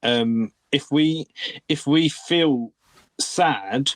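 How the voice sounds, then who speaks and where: An earnest man co-hosting a casual podcast, speaking openly about his feelings. His voice sits at an ordinary pitch and the recording is dry and close, with no room sound. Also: drawn-out words, dry recording. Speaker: podcast co-host. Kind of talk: casual chat. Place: home room.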